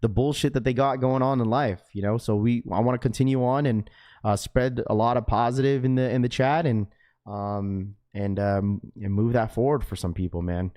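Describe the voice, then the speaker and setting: A man with a raspy voice hosting a sneaker livestream, chatting casually in slang and reading chat messages aloud. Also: medium pitch, fairly even intonation, normal speed, a little mellow. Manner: laid-back, slangy, full of fillers.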